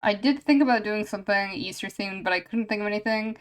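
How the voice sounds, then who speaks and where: A woman's voice: medium pitch, fast. A woman streamer chatting casually and rambling with lots of fillers while she draws live, a little sniffly. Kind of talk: casual chat while drawing.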